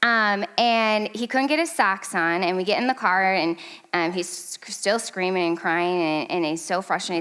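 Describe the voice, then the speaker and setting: A woman's voice: unhurried, a bit bright, clear, resonant tone. A woman in her thirties giving a casual, chatty talk to a parenting class, laughing often and playing out her own lines and her son's whiny ones. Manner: quotes her son in a high whiny voice. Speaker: speaker at a church parenting class.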